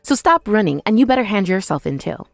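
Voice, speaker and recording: A woman's voice: medium pitch, big pitch swings, fast, gravelly, no echo, clean studio sound, faint music behind. A young woman telling a first-person dramatized story in an indignant, accusing manner. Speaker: narrator and protagonist.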